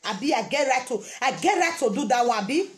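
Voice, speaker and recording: A woman's voice: high voice, animated, fast. A woman with a Nigerian Pidgin English accent giving a casual motivational talk, repeating her phrases for emphasis. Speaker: vlogger.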